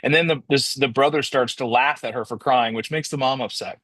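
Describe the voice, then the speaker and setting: A man's voice: medium pitch, a little fast, a bit bright, no room sound. Casual motivational male talker, dry sound. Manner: casual and rambling, restarts often, addresses listeners as guys. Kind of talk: motivational storytelling talk.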